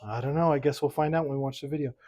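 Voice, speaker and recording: Racing along in a warm, steady, medium-pitched voice, a fitness instructor runs a seated workout from home with pets nearby. Reps are counted out loud, and the coaching comes with light jokes.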